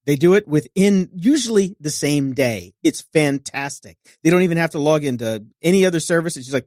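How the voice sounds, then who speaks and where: A man's voice: fairly high pitch, lively intonation, a little fast, few pauses, a little mellow, no room sound, clean studio sound. A man co-hosting a podcast, chatting casually and enthusiastically about products he uses. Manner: enthusiastic, upbeat endorsement. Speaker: podcast co-host. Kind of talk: casual chat.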